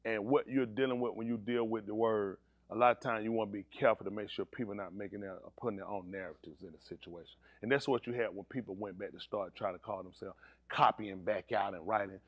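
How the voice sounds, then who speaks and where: A male pastor preaching a sermon, swinging between low, steady teaching and high, shouted preaching, teasing members of his congregation. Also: quick pace, no room sound.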